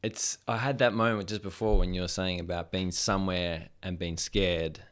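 A man hosts a relaxed conversation, thinking aloud in halting, restarting sentences. His voice sits very low. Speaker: podcast host. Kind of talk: casual chat.

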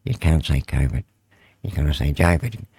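Kiwi co-host in his sixties, very deep voice, blunt deadpan interjections, dry studio. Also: normal speed, husky, no echo. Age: 60s. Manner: blunt, deadpan one-liners. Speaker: radio co-host. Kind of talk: casual radio banter.

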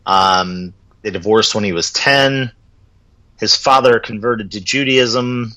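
A man's voice: lowish voice, slow, sharp tone, poor audio. A man co-hosting a podcast in casual chat, easygoing with wry jokes. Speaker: podcast co-host.

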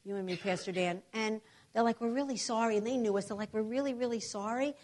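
A middle-aged woman preacher tells a testimony from the pulpit, her high voice rising and falling as she acts out the people and the prayers in her story. She delivers it with lively, animated conviction. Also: quick pace.

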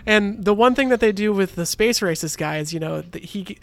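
A man's voice: sits high, fairly quick, creaky. A man co-hosting a casual movie review chat, swearing freely, laughing often and acting out lines. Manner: profane, laughing, acts out lines. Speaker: podcast co-host.

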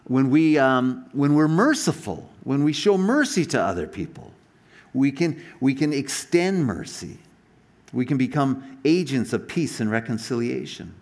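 A man's voice: mid-range voice, expressive, a little slow, a little mellow. A man preaching a sermon, telling stories animatedly with frequent restarts and asides. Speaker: pastor.

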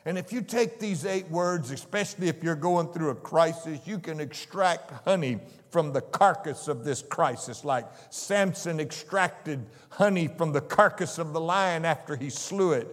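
High-voiced guy preaching, slow and emphatic, big echoey church hall sound. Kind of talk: sermon.

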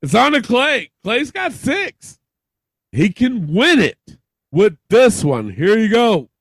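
A man's voice: high-pitched, big pitch swings, slow, slight background noise. A man hosting a casual podcast, laughing helplessly and swearing a lot as he talks. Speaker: podcast host.

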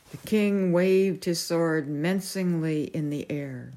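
A woman reading a novel aloud as a storyteller, measured and unhurried. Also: lowish voice, mellow.

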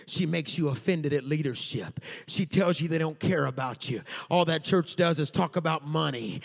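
A male preacher delivering an impassioned sermon, often rising into shouts and sung phrases. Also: on the high side, normal speed, gravelly, hardly any pauses. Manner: impassioned, shouting and half-singing at peaks.

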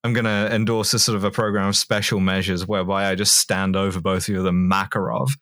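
A man's voice: sits low, level tone, fast, fairly bright tone, no echo, studio quality. A man co-hosting a podcast, joking in casual banter with wry asides. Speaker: podcast co-host.

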